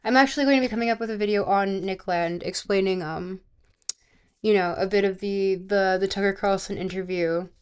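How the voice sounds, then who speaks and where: A woman streamer chatting casually in a dry, blunt, teasing way. Her voice is smooth and clear. It sits at a middle pitch. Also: fairly quick. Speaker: streamer and host.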